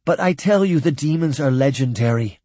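A man's voice: high-pitched, measured pace, a little mellow, no room sound, voice pushed up. A man voicing an insistent alien who keeps protesting that the old tales are true. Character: alien male Moti insisting on legends.

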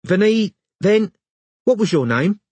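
A man's voice: sits high, big pitch swings, slow, darkish tone, slightly rough, dry recording, voice pushed up, heavily acted. A man voicing a belligerent London woman. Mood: wary. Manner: curt, suspicious, terse questions.

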